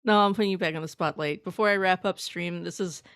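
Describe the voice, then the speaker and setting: A woman streamer chatting casually with her viewers, excitable and quick to laugh. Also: on the low side, no room sound, studio quality. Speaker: live streamer. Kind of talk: casual live-stream chat reading viewer messages.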